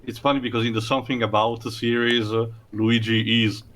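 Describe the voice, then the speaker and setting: A man's voice: medium pitch, flat delivery, a little fast, a bit bright, a little hiss or hum. A man hosting a let's play, explaining the game's story in casual commentary and laughing often. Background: game music.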